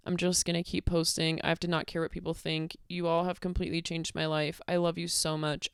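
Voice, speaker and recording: A woman vlogger talking in a candid, rambling personal rant, swearing freely and filling pauses with "like". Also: lowish voice, smooth, no echo, clean studio sound.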